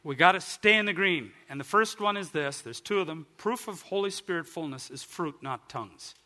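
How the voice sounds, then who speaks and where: A middle-aged man preaching a sermon as pastor, telling a story with animated delivery that climbs high when he gets excited. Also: moderate pace. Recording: long hall reverb.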